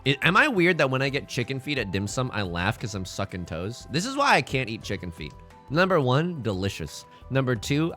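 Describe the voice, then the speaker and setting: A young man streaming a mahjong game, chatting casually and joking with playful, drawn-out emphasis. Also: medium pitch, pushed and bright. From China. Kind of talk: casual live-stream commentary while playing mahjong.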